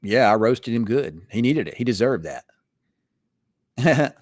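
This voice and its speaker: A man's voice: medium pitch, animated, unhurried, dry recording, studio quality. A man hosting a weather show, chatting casually in a rambling, teasing way. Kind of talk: casual late-night live chat.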